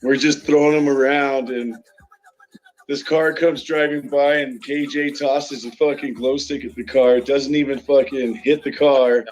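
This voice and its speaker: A man's voice: medium pitch, steady tone, measured pace, darkish tone, dull audio, a little hiss or hum. A young man telling a rowdy story to his friends, swearing a lot and laughing often. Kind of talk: casual chat.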